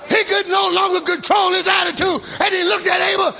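Male preacher, shouting sermon with hallelujahs, very high, bright voice. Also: flat delivery, fairly quick, creaky, soft background music. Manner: shouting, call-and-response hallelujahs; colloquial, folksy speech.

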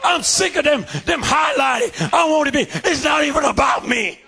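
A man preaching a fervent revival sermon in a church, shouting in a steady preacherly cadence. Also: very high voice, moderate pace, creaky. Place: church sanctuary.

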